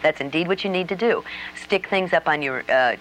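Low-voiced woman coaching accents. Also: a little fast, a bit bright, a little hiss or hum, low-quality recording. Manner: explanatory, demonstrates sample sentences, frequent fillers. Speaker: dialect coach. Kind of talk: instructional talk on accents.

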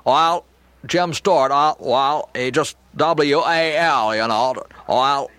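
Guy doing a stammery drawly old movie actor, a bit higher and louder. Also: slow, smooth, no room sound. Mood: gentle. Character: stammering folksy male film actor, gentle.

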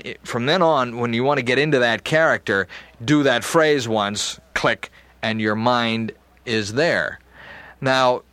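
Guy teaching impressions, calm measured talk, dry close sound. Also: medium pitch, no room sound. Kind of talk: instructional talk.

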